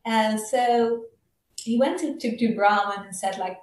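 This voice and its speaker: A woman's voice: fairly high pitch, a little mellow. Woman telling a story, roomy and distant. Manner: casual, halting, many fillers. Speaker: Dhamma speaker. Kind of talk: storytelling in a Buddhist talk.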